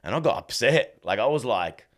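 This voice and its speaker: A man in his thirties, a podcast guest telling casual stories, animated, acting out dialogue and saying "like" and "bro" a lot. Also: mid-range voice, moderate pace. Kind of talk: casual storytelling.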